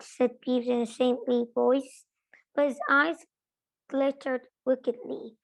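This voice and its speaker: Woman reader, slow, careful read-aloud for a book club. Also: high-pitched, gravelly, low-quality recording. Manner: careful, steady read-aloud with small self-corrections. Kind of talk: reading a novel aloud.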